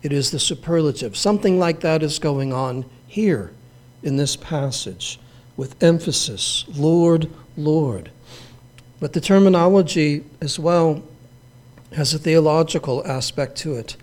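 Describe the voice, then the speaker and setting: A man delivers a sermon with a somewhat high voice. He preaches in an earnest, measured way and drives points home through repetition. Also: expressive, a little mellow. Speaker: pastor.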